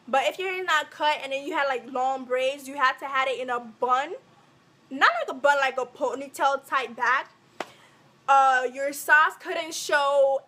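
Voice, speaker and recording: Brief: young woman from Africa, high bright voice, animated storytime vlog delivery. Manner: animated, acts out every quote. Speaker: vlogger.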